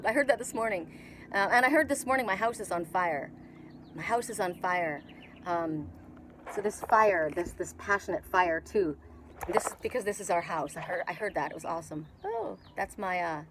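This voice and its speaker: A woman's voice: medium pitch, a bit bright, slight background noise, rough recording. A middle-aged woman from Canada with a Canadian accent, giving a casual spiritual tarot reading on an outdoor patio and rambling with many restarts and fillers. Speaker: tarot reader.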